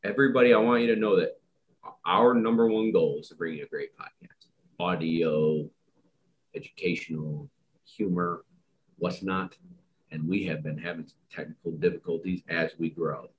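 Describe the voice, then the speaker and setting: A man's voice: sits low, steady tone, normal speed, phone-quality sound. A man hosting a casual podcast, a dog trainer who chats in a rambling, joking way. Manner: chatty, rambling, self-deprecating joker.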